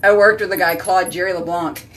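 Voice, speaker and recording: A woman's voice: fairly low pitch, steady tone, fairly quick, a bit bright, distant mic. A woman hosting a casual live stream, chatting with viewers by name and rambling from topic to topic. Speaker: host reading live chat.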